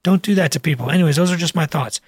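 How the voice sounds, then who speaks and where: A man's voice: a little high, rapid-fire, slightly rough, no room sound, studio quality. A male physician giving a casual, emphatic vlog talk, with repetitive phrasing and slang.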